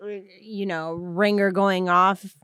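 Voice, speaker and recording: A woman co-hosting a podcast, chatting casually with quick reactive interjections. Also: mid-range voice, fairly even intonation, fairly bright tone, clean tone, no echo, studio quality. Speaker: podcast co-host. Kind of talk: casual chat.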